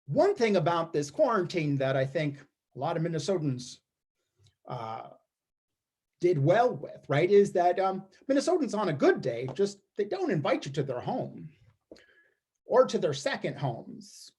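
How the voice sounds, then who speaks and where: A man's voice: fairly high pitch, big pitch swings, unhurried, a little mellow, slightly rough. A man giving a wry, observational comic storytelling monologue, often restarting his sentences. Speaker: storyteller performer. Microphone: streamed performance mic.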